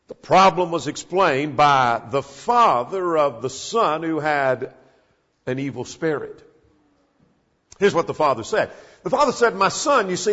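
A man preaching an expository sermon, retelling the text with emphatic rises and soft drops. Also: high-pitched, husky. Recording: dull lo-fi recording in a reverberant church hall.

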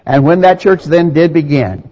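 A man's voice: a little high, normal speed, dark tone, breathy edge. A man preaching a sermon, asking rhetorical questions and reading scripture aloud with rising emphasis. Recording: dull sound with long reverb in a hall.

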